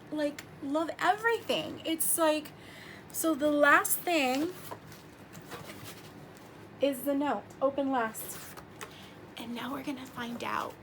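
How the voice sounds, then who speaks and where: A woman's voice: high-pitched, background noise. A woman teacher in her thirties gushing as she opens gifts in a casual vlog, gasping often. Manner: gushing, excitable, gasps often. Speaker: teacher and YouTuber.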